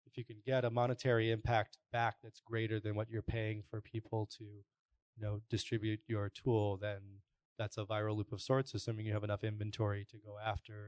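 A man's voice: fairly low pitch, no room sound. A man moderating a conference panel, talking things through with frequent fillers. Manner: relaxed, thinking aloud with fillers.

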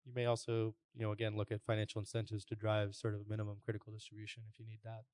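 A man's voice: on the low side, rapid-fire, clear, resonant tone, no room sound. A man moderating a conference panel, talking things through with frequent fillers. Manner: relaxed, thinking aloud with fillers.

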